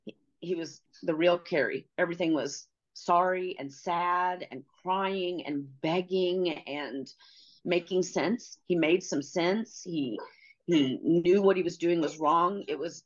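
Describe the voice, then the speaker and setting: A middle-aged woman telling a personal story as an interview guest, halting and pausing, often restarting her sentences. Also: on the low side. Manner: halting, with many pauses and restarts. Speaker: podcast guest. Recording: slightly dull lo-fi audio.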